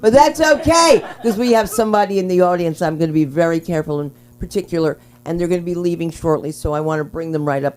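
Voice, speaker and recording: A woman's voice: sits low, a little hiss or hum. A woman hosting an open mic on a small comedy club stage, telling rambling stand-up stories in a brash voice into a handheld mic. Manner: brash, rambling, swings into loud character voices.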